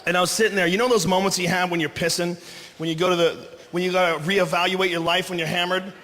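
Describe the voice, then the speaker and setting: A stand-up comedian from Boston performing a loud, profane set and acting out characters as he goes. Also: high voice, little pitch movement, fast. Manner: loud, profane, acts out characters mid-bit. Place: comedy venue on stage. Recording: live comedy club recording with reverb, audience noise.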